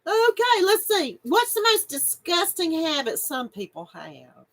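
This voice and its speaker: A woman's voice: high-pitched, big pitch swings, measured pace, fairly bright tone, poor audio. A middle-aged woman, hosting a casual live stream and chatting with viewers, giggly and emotional and laughing often. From North Carolina, USA.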